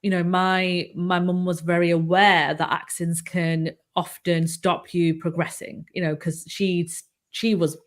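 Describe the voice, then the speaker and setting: A woman hosting a relaxed interview, talking in a fairly low voice with a mild northern English accent. Her delivery is loose and chatty, full of "you know"s and restarts. She comes through a video-call connection. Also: unhurried. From England, Manchester. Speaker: host. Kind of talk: casual interview chat.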